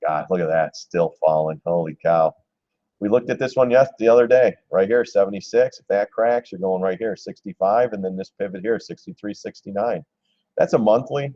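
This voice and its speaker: A middle-aged man doing casual live-stream market commentary, blunt and excitable, swearing casually and laughing often. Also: lowish voice, no echo, highs cut off. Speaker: stock trading live-streamer.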